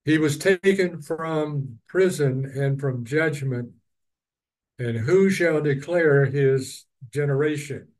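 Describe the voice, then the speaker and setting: A man's voice: a little high, slow pace, a little mellow, rough recording. A man teaching a Bible study, reading verses and then explaining them at length with personal asides. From East Texas.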